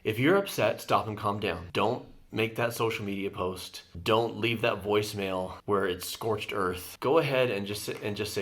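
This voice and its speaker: A man's voice: fairly low pitch, a little fast, vocal fry, hardly any pauses, a bit bright. A man, a therapist hosting his channel, talking through conflict steps in an earnest, explanatory way. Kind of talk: reaction video commentary, advice.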